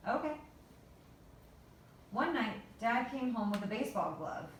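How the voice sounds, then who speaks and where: A woman reading a children's story aloud in a measured, unhurried way. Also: mid-range voice, very animated, slight background noise. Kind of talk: storybook narration. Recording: echoey room, voice from far off.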